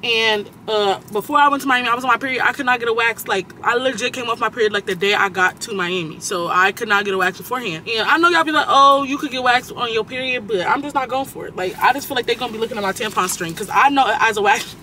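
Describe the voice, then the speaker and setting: A young woman in her late teens, vlogging while she drives, rambling and cursing through an animated story time. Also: fairly high pitch, fast, few pauses. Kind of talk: casual story-time chat while driving. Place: inside a car on the road. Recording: car with loud road noise.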